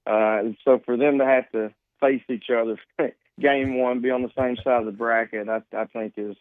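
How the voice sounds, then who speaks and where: A man's voice: medium pitch, steady tone, normal speed, no echo. A man speaks over a thin, tinny phone line with no room sound at all. He talks loosely and rambles, restarting sentences and chuckling now and then. This is a guest in a casual radio interview. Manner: rambling, self-correcting, chuckling.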